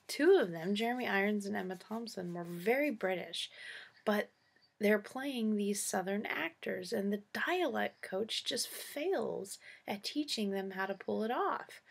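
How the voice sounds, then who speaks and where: A woman's voice: mid-range voice, creaky, slightly rough. A woman hosting her own show, casually and opinionatedly reviewing movies with sarcastic asides.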